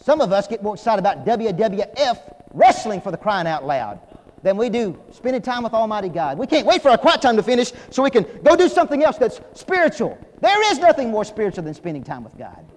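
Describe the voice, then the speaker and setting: A middle-aged man preaching a sermon in a chapel, animated and self-deprecating, calling his listeners folks. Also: sits high, fairly quick, in a large hall, rough recording.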